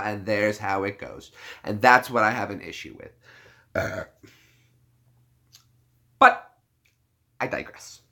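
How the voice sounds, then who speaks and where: Animated, bright-voiced American man chatting. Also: fairly low pitch, slow, pauses often. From United States. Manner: joking, laughs often, plays with words. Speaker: livestream host. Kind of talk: casual livestream chat.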